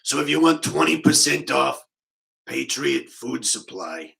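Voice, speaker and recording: A man doing a comic impression of a rambling male conspiracy vlogger with a Boston accent, deadpan and digressive. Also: mid-range voice, unhurried, vocal fry, heavily acted, low-quality recording. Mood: drawling.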